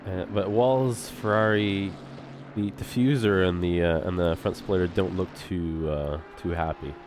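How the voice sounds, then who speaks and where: Man, sim race commentator, lowish voice, laid-back and chuckling, noisy stream audio. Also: a little slow. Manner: relaxed, chuckling, trailing off with fillers.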